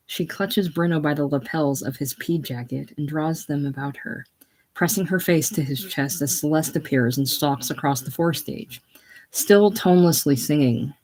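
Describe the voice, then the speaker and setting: A reader reading the stage directions in a casual play reading, plain and unhurried. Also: medium pitch, a little mellow, rough recording.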